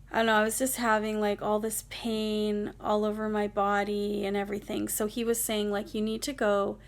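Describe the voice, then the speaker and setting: A woman's voice: mid-range voice, gravelly. A young adult woman telling a personal story on her vlog in a casual, rambling way, full of "like" and "you know".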